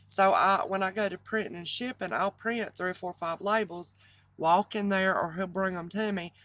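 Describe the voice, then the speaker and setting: A woman's voice: fairly low pitch, fairly bright tone, dry recording. A middle-aged woman with a thick Southern drawl, chatting casually and rambling in a vlog to her regular viewers. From North Carolina, US. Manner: rambling, chatty, trips over words. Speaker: online reseller and host.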